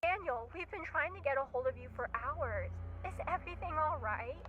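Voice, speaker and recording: A woman playing a worried mother leaving soft, anxious voicemails, heard through voicemail playback. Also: high voice, lively intonation, normal speed, slight background noise. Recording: muffled phone voicemail.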